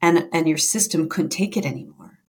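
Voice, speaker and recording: Low-voiced woman coach interviewing. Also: a little fast, slightly rough. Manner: reflective listening, mirrors feelings back.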